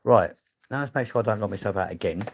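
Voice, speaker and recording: A man's voice: lowish voice, quick pace, gravelly, slightly rough, dry recording. A young English man vlogging live while walking outdoors at night, chatty, self-mocking and swearing often, filming on his phone at arm's length. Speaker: vlogger hosting a live stream. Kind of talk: casual live-stream chat while walking. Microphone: phone camera at arm's length.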